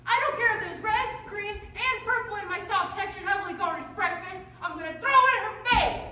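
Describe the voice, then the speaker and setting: A woman's voice: high voice, lively intonation, normal speed, pushed and bright, a little hiss or hum. A woman playing a gleeful mean stepsister. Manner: gleeful, mocking, hammy. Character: mean giggly young stepsister. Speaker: stage actor. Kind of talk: live stage comedy. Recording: echoey live stage from far off.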